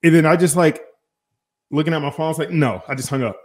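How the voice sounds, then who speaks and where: Animated man telling a wild story. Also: a little high, quick pace. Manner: animated, profane, acts out phone calls. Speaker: podcast host. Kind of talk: casual storytelling chat.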